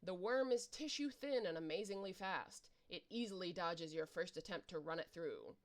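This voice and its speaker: A woman reading a webcomic adventure aloud in an informal, animated way, narrating the dice rolls and action with playful reactions. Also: lowish voice, normal speed. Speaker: reader and narrator.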